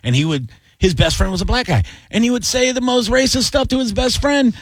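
A man chatting casually as a comedian and podcast co-host, telling stories with lively voices. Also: very high voice, fairly quick, no room sound, studio quality. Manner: animated storytelling with voices. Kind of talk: casual chat.

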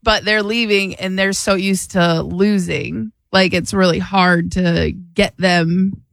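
A woman co-hosting a talk show who also coaches school football, chatting in a relaxed, halting way full of fillers. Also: on the low side, gravelly, no echo. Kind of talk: casual chat.

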